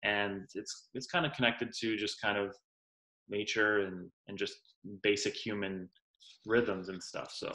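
A man as a podcast guest, speaking calmly and reflectively in casual chat, with some hesitation. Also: on the low side, unhurried, poor audio.

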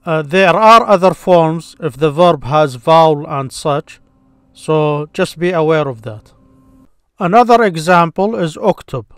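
A man teaching a grammar lesson, slowly and patiently explaining each form with repeated examples. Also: a little high, clear, resonant tone, no room sound, clean studio sound.

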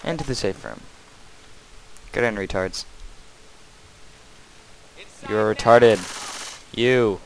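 Low slow-talking man playing a game. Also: creaky, rough recording. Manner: loud bursts of yelling at enemies between mumbled asides. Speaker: gameplay commentator. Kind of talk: casual let's-play commentary. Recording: faint game noise behind.

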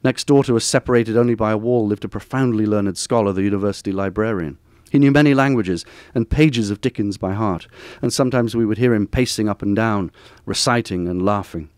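A man with a low voice reads his own essay aloud at a bookstore event. His delivery is measured and wry, with a literary cadence. The sound is dry and close. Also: darkish tone, no room sound. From Durham, northern England. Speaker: author reading from his book. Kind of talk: reading aloud from a personal essay.

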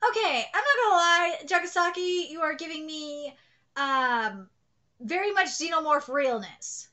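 A woman with a high, bright voice gives live reaction commentary. She gushes in exclamations and swears freely. Her delivery is unhurried. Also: lively intonation. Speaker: manga reaction host.

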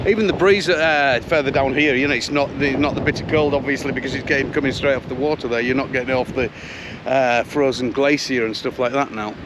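A man's voice: medium pitch, fairly even intonation, brisk. A middle-aged man with a Yorkshire accent chatting casually while driving his truck, swearing now and then. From Yorkshire, England. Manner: chatty, swears casually, sings snatches of songs. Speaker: truck driver vlogger. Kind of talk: casual driving vlog chat. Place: in a truck cab and outdoors at a lake. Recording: loud road and wind noise.

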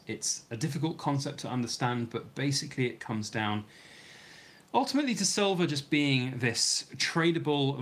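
A British man with a voice on the low side is deep into a long live stream, reading comments and giving chatty, meandering answers. He's starting to lose his voice, and a little hiss or hum is audible.

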